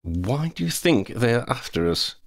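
Man doing a sarcastic teen boy, high voice. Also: big pitch swings, measured pace, no room sound, clean studio sound. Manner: sarcastic, sceptical. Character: sceptical sarcastic teenage wizard boy.

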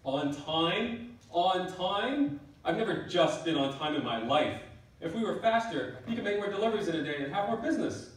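A man voicing an eager, brash young male driver who always wants to go faster. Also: high-pitched, expressive, pitched above the performer's own voice. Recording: echoey hall, mic far off.

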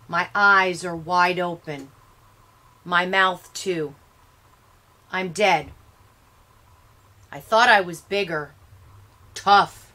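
A woman teacher reading a novel aloud to her class, stopping to explain it, in short, expressive phrases. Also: mid-range voice. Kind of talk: read-aloud lesson with explanations.

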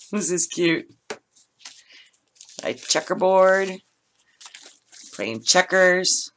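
A woman's voice: on the low side, expressive, drawn-out words, long pauses, fairly bright tone, slight background noise. A middle-aged woman chatting casually as she opens craft mail at home, gushing and laughing often. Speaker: craft vlogger opening mail. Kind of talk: casual unboxing chat.

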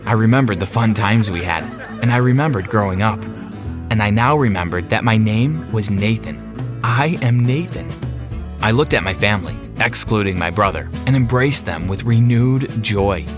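A man telling a first-person story as narrator, dramatic and slowing down for the tense moments. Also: on the low side, animated. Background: background music.

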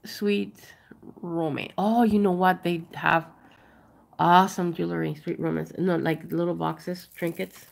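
A woman's voice: on the low side, flat delivery, unhurried, vocal fry. A woman chatting casually while she shows and prices jewelry on a live sale stream. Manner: chatty, rambling, showing items up close. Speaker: online jewelry seller.

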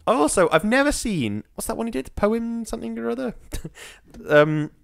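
Wry, deadpan young man with a lively voice. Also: very high voice, moderate pace, gravelly. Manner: wry, hesitant, deadpan teasing. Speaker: podcast co-host. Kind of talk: casual chat.

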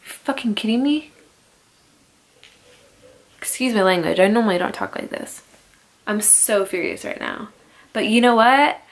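A woman's voice: mid-range voice, moderate pace. A young woman vlogging a heated, profane rant straight to her camera at home, full of "like" fillers. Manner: heated, swearing, filler-heavy "like".

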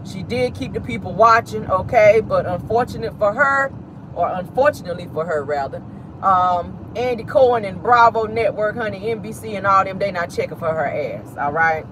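Sassy male host, high voice, dishing gossip from inside a car with steady road noise behind him. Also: moderate pace. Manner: sassy and dramatic, calls listeners honey and baby. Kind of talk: casual celebrity gossip commentary.

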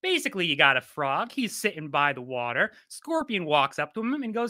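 A man's voice: fairly high pitch, fairly quick, few pauses. A man hosting an online movie show in a jokey, playful way, telling stories and bantering with guests. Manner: jokey, animated storyteller. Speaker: host.

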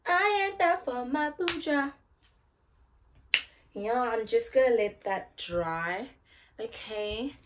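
A woman's voice: a little high, expressive, slow, pauses often, a little hiss or hum. Chatty South African woman. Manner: chatty and playful, loud outbursts. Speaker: hair vlogger. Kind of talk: casual hair tutorial chat.

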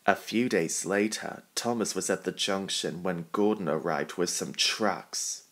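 Deep, slow male storyteller. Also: fairly bright tone. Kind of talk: storybook narration.

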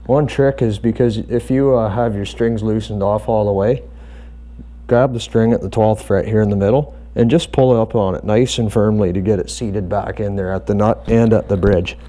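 Calm, dark-voiced man teaching bass setup. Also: normal speed. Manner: calm, methodical, step-by-step. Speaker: bass guitar instructor. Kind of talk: hands-on tutorial explanation.

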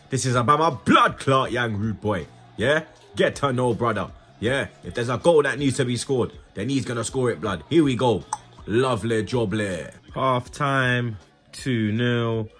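A young man giving slangy, excitable running commentary on a football video game. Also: lowish voice, breathy edge. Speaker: gaming YouTuber. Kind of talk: casual gaming commentary.

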